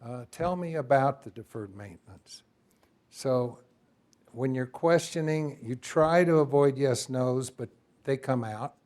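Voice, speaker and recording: A man teaching a class, lecturing in a lively way and asking his students for input. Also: medium pitch, unhurried. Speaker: instructor.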